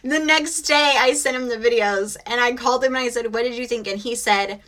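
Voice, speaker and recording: A woman's voice: fairly high pitch, fairly quick, a bit bright. A woman in her thirties, worn out and close to tears, chatting casually with her viewers on a live stream. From United States. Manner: chatty and emotional, says she is close to tears. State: exhausted. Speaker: host of a reselling live stream.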